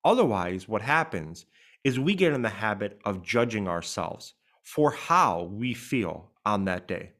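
A man's voice: lowish voice, big pitch swings, a little slow, fairly bright tone. A man co-hosting a podcast as a grief coach, talking in an earnest, emphatic way and stressing key words. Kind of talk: podcast conversation.

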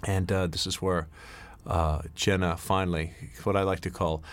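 A man's voice: sits low, flat delivery, moderate pace. A middle-aged man giving a rambling film commentary as director, full of fillers and restarts. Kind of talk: DVD commentary.

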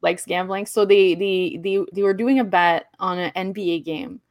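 A woman's voice: fairly low pitch, steady tone, moderate pace, lo-fi sound. A woman co-hosting a casual podcast, explaining a story step by step with frequent "right?" checks. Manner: explains step by step with tag questions. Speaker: podcast co-host. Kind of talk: casual chat.

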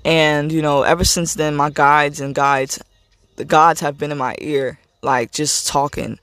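A man's voice: fairly high pitch, fairly even intonation, measured pace, a bit bright, no room sound. A young man hosting a podcast, talking candidly in a rambling, repetitive way. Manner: candid, rambling, repeats himself. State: getting emotional. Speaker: podcast host. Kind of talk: casual personal monologue.

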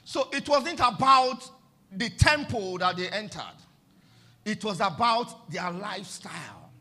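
A middle-aged Nigerian man preaching a sermon as pastor, emphatic and sing-song, swinging between loud declarations and hushed asides. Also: high voice, expressive, measured pace.

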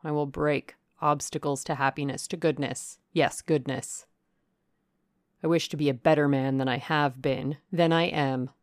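A woman reading the part of a brooding, passionate middle-aged gentleman in an audiobook, with a forceful, declamatory delivery. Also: deep voice, steady tone, unhurried, no room sound, clean studio sound. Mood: resolute.

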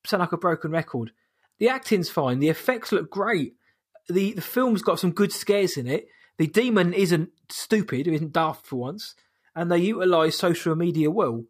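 Halting man reviewing a film. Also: fairly high pitch, husky. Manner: halting, many restarts and fillers. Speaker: film review podcast co-host. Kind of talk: casual chat.

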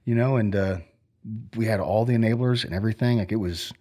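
A man's voice: on the low side, fairly quick, dark tone. A middle-aged man, a former Army sergeant, telling stories in a casual interview, rambling with many fillers and restarts.

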